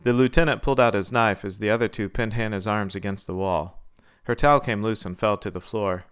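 A man narrating a story in a steady, even reading. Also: on the low side, fairly quick, clean tone.

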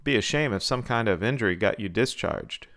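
A man's voice: fairly low pitch, expressive, fairly quick, a bit bright. A man voicing sneering, threatening young male Marine lieutenants in a read-aloud story. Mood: menacing.

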